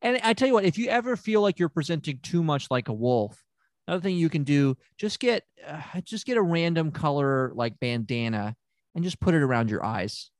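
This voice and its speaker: A man hosting an improvised comedy podcast as a therapist, rambling and stammering with deadpan asides. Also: on the high side, a little fast, dry recording, clean studio sound. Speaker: podcast host playing a therapist.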